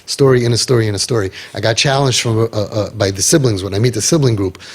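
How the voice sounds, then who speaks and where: A man guiding parents in an impassioned talk, forceful and sarcastic, peppering his speech with Hebrew and Yiddish terms. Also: lowish voice, fast. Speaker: parenting guide.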